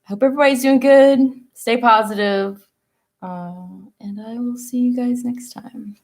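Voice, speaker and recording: Against a noisy background, a young woman with a fairly high voice talks a little slowly while hosting a casual painting lesson live-streamed into her laptop mic. She chats, rambles, and mutters to herself as she paints.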